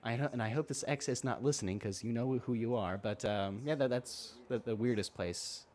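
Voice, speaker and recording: A man's voice: medium pitch, normal speed, darkish tone. A man co-hosting a casual podcast chat, often stammering and repeating words as he starts his sentences. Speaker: podcast co-host.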